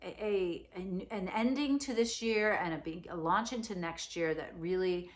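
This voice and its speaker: A woman's voice: lowish voice, moderate pace, hardly any pauses. A woman astrologer giving a casual spoken forecast, chatty, with many fillers and "right?" asides.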